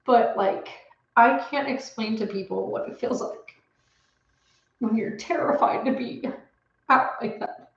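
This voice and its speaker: Her voice on the high side with vocal fry, a woman vlogger from a homestead channel talks to camera at a measured pace, pausing often. The casual story she retells from her home office comes out nervous and rambling, full of restarts, as she nears tears. Audio is roomy and slightly muffled.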